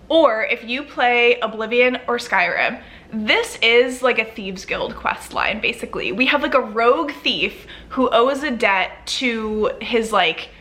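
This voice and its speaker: A young woman vlogging about her reading, chatty and gushing, with "like" scattered through every sentence. Her voice sits a little high and bright, and it swoops up and down a lot. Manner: chatty and gushing, many "like" fillers. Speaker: book vlogger. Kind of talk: casual chat to camera.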